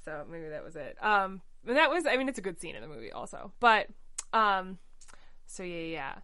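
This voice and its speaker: Bright-voiced chatty woman. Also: lowish voice, very animated. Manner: chatty, quick paraphrasing with mock quotes and laughs. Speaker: podcast co-host. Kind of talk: casual chat recapping a musical.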